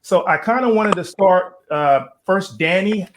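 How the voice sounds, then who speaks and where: A man's voice: sits high, animated, measured pace, background noise. A man hosting a talk show, speaking earnestly and reflectively about his own past before asking his guest a question. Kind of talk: interview.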